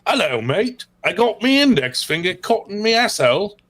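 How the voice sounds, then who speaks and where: An American man voicing a crude, cheeky British bloke in a high, mocking put-on accent. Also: sing-song, moderate pace, fairly bright tone. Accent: mock British. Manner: mocking parody.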